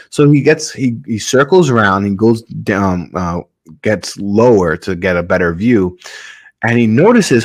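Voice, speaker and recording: A podcast host tells a long story in casual, rambling talk. His voice sits a little low for a man. He fills his sentences with ums and drops the odd swear word along the way. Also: expressive, unhurried.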